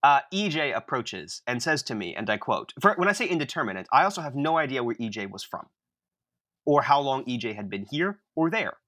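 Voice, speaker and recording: A man co-hosting a podcast, telling a comic story in an animated, self-mocking way. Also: mid-range voice, a little fast. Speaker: podcast co-host.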